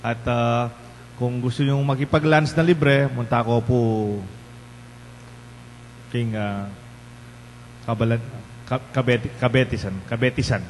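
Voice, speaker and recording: Filipino-accented priest in a reverberant church. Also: male voice, mid-range voice, steady tone, measured pace, long pauses. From Philippines. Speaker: parish priest. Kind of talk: bilingual homily. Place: large church. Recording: long church reverb, faint hum.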